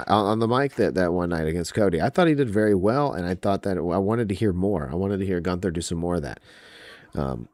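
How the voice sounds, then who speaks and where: A man's voice: low-pitched, expressive, fairly quick, a little mellow, no room sound. A man hosting a wrestling podcast, ranting about match predictions in a profane, exasperated way.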